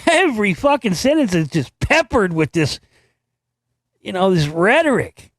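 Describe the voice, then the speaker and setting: A man hosting his own commentary show, his voice sitting notably high for a man. He reads an article aloud and breaks off into profane, sarcastic jabs at it. The sound is dry and close, with no room echo at all. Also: very animated, unhurried, fairly bright tone. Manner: sarcastic, swears freely, mocks what he reads. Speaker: host.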